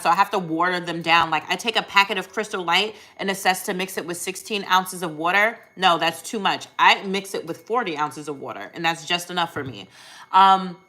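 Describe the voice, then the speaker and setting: A woman's voice: lowish voice, bright, forceful tone. A young woman from the United States chatting casually on a live stream, upbeat and talkative, with frequent ums and self-corrections. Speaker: weight loss surgery vlogger hosting a live stream. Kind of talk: casual live-stream chat answering viewers.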